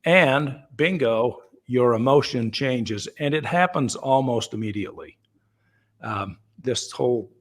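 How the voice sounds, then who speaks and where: A man at a middling pitch talks things through in a relaxed, chatty way on a call. He stops and restarts his sentences and leans on "uh" and "you know". He sounds like a founder explaining his product to listeners. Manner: easygoing and chatty, with frequent fillers and restarts; acts out everyday dialogue in the voices of the people in his examples. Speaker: company founder answering questions.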